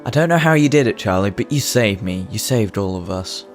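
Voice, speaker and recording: A man voicing an excitable child coal shoveller who speaks eagerly and breathlessly. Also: lowish voice, brisk, faint music behind, close to an everyday voice. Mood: grateful.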